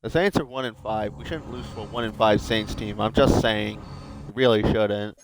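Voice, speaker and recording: A man's voice: fairly low pitch, moderate pace, heavy background noise. A young adult man giving casual gameplay commentary as a video host, talking to himself in a joking, rambling way. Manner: joking, rambling self-talk.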